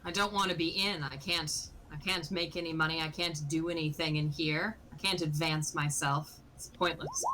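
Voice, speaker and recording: Woman playing a greedy smuggler, bright forceful voice, matter-of-fact. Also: sits low, steady tone, moderate pace, slight background noise, low-quality recording. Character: greedy female smuggler prisoner.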